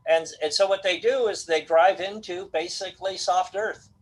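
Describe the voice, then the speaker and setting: A man's voice: high voice, moderate pace, breathy edge, low-quality recording. A middle-aged man as a guest astrologer on a video call, telling stories and acting out quoted voices in casual chat. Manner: animated storytelling, acts out quoted voices.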